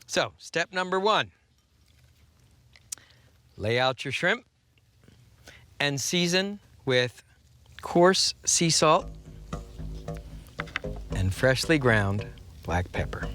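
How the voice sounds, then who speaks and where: A middle-aged man hosting a TV cooking show, delivering punchy scripted lines and measured step-by-step instructions. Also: a little high, sing-song, sharp tone. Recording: broadcast audio with music bed.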